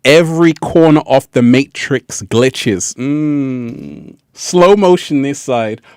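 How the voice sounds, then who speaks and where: A man's voice: mid-range voice, sing-song, slow, a little mellow, no echo, clean studio sound. A man hosting a casual livestream who laughs often and repeats his phrases. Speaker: livestream host.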